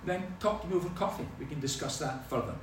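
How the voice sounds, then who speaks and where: Preaching quickly in a voice on the high side, a pastor from Scotland tells his sermon through lively, humorous stories. The sound is distant and echoey, as in a hall, with a bit of hiss or hum.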